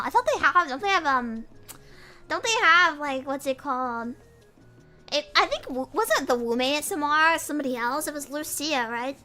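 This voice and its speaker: A woman's voice: sits high, bright, forceful tone. A young woman streaming casually, rambling and giggling as she reads chat aloud. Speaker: pirate cat vtuber streamer.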